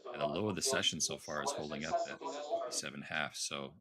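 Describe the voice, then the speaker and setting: A man with a very deep voice hosts a live trading stream, talking through price levels in a loose, conversational way with plenty of fillers. Voices murmur in the background of the livestream audio. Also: fast, a loud crowd. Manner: conversational, asks co-host questions, many fillers. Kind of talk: casual live market commentary.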